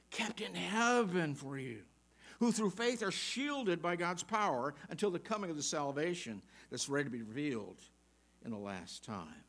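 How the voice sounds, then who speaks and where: A man's voice: fairly high pitch, big pitch swings, fairly bright tone. A man preaching a sermon, reading scripture aloud and putting pointed questions to his listeners, with occasional chuckles. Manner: emphatic, asks the congregation rapid questions, reads scripture aloud.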